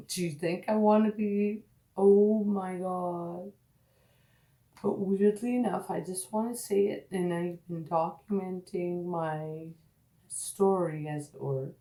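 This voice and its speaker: A tipsy woman vlogging at home, rambling and swearing, slipping between loud outbursts and low murmurs. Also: slow pace, roomy sound. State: tipsy from drinking. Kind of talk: rambling casual monologue. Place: at home, indoors.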